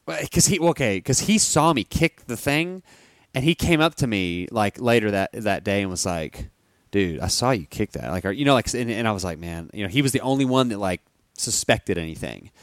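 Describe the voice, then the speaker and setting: A man's voice: lowish voice, lively intonation, a little fast, dry recording, studio quality. A man co-hosting a podcast, telling a long story in casual chat, rambling and full of fillers. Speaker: podcast co-host.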